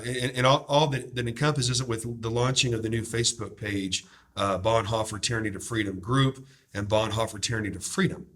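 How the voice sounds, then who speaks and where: A man's voice: medium pitch, a bit bright. Fervent preacher-like male host. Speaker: host promoting a DVD series. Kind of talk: impassioned discussion.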